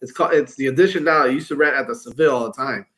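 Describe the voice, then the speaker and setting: A man's voice: mid-range voice, racing, fairly bright tone. A man in casual podcast chat, bantering and asking the others questions. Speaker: podcast co-host.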